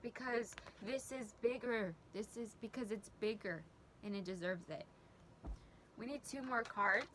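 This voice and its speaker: A woman's voice: a little high, measured pace, fairly bright tone, slight background noise. Earnest, emotional woman tarot reader. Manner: emotional, earnest, rambling with restarts. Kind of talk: tarot reading video.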